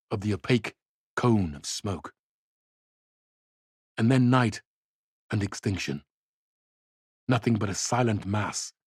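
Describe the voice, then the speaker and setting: A man reading a novel aloud in a measured, grave way, dropping low and quiet at the ends of phrases. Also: husky, no room sound, clean studio sound. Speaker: reader.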